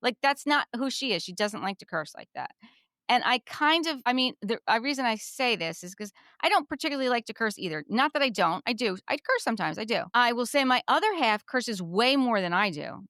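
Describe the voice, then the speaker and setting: Talking a little fast in a slightly high voice, a podcast co-host from New Jersey excitedly recaps reality-show moments and keeps repeating herself in chatty conversation. The recording is dry and of studio quality.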